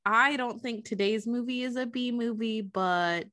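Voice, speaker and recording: A woman's voice: fairly high pitch, measured pace, a bit bright, no room sound. Brief: woman, podcast co-host, casual and joking, dry close-mic sound. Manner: playful, joking. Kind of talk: casual chat.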